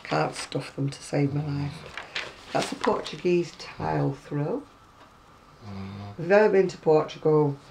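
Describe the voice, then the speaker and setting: British woman crochet vlogger, gravelly mid-pitched voice, rambling and wry, faint hum behind. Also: a little mellow, low-quality recording. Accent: British English. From Britain. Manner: chatty, rambling, wry asides. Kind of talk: casual chat showing magazines. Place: at home.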